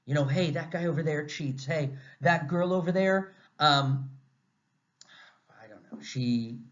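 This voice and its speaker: Animated American man giving a lecture. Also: on the high side, a little slow. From United States. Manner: animated, conversational, asks the class many rhetorical questions. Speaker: university lecturer. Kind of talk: recorded lecture. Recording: slightly dull, muffled audio.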